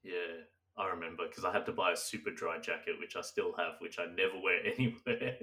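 Low-voiced man, slightly off-mic. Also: steady tone, brisk, sharp tone, recorded from a distance. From Australia. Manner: rambling, laughs often, slips into silly old-timey voices. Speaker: podcast co-host. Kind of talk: casual chat.

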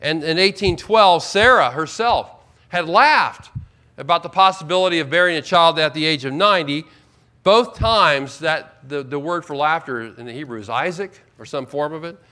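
A man preaching a sermon as pastor, emphatic, slowing right down to stress key words. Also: on the high side, animated, sharp tone. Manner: emphatic, with slow drawn-out stresses.

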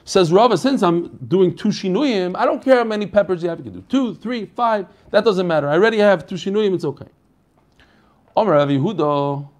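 A man's voice: high-pitched, animated, fairly quick, a little mellow. A man teaching an online Talmud class in a casual, chatty way, asking questions and answering them himself.

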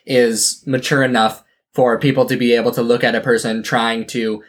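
A man's voice: medium pitch, little pitch movement, moderate pace. Young man rambling on a podcast. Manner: rambling, thinks aloud with many fillers. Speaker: podcast host. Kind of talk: casual podcast chat.

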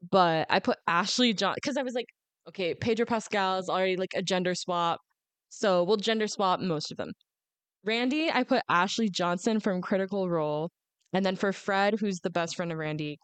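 A woman's voice: medium pitch, clear, resonant tone, no echo. A young woman in her twenties co-hosting a casual podcast, telling stories with frequent giggles. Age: 20s. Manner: giggly, animated storytelling. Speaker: podcast co-host. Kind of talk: casual chat.

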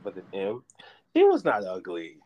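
A man with a fairly low voice, teasing his co-host in a loose, playful podcast chat. He mixes ribbing with sports talk and draws his points out. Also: wildly swooping pitch, normal speed, highs cut off.

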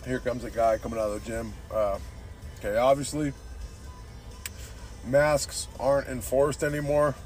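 Brief: easygoing male podcast host, swears a lot, middling pitch, faint music behind. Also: little pitch movement, moderate pace, long pauses, a little mellow. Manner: profane, laid-back, says "dude" constantly. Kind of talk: casual rambling monologue.

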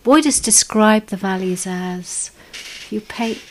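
A woman's voice: mid-range voice, slow pace, a little hiss or hum. A woman guest in a casual chat, speaking in a thoughtful and reflective way with some hesitations.

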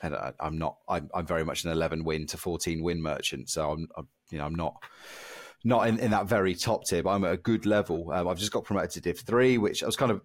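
A man's voice: low-pitched, fast. A man co-hosting a casual gaming podcast, chatty and self-deprecating, talking through his games. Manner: chatty, self-deprecating, reads sponsor spots. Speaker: podcast co-host.

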